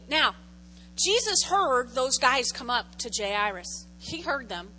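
A woman teaches a Bible lesson with real animation, acting out the people in the story and turning to her listeners with questions. Her voice sits high and bright. A long hall reverb and a faint hum hang behind her. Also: slow pace. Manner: animated, acts out voices, asks the audience questions. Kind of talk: lively Bible lesson to a group.

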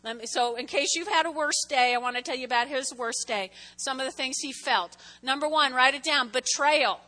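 High bright-voiced woman preaching a sermon. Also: fairly quick, big-room sound. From New Jersey. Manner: chatty, playful, laughing preacher addressing congregation. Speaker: pastor.

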